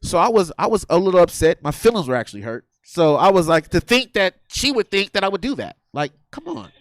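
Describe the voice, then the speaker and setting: A man doing a crude, animated stand-up comedy set in a theater, laughing through his story. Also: high-pitched, a little fast, dry recording.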